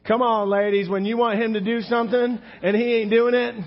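A man's voice: extremely high pitch, flat delivery, fairly quick, lo-fi sound. A male pastor preaching a sermon in a conversational, rhetorical way, often calling out to the congregation.

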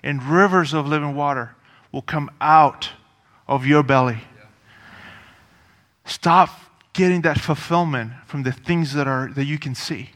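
This preacher keeps a measured pace, his voice bright, forceful, and slightly high for a man, echoing with a long reverb as though in a big hall. He talks conversationally but with punch, often repeating himself and tossing in casual asides.

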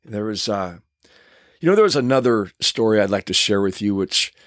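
A man's voice: on the low side, animated, normal speed, no room sound, clean studio sound. An older man, a stuntman, telling a casual anecdote in a rambling way with many restarts.

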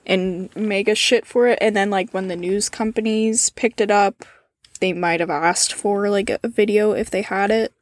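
A woman's voice: mid-range voice, steady tone, normal speed, no room sound. A woman in casual podcast chat, talking loosely with lots of fillers as she recounts a story. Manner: casual, many fillers, reads out quotes in a subdued tone.

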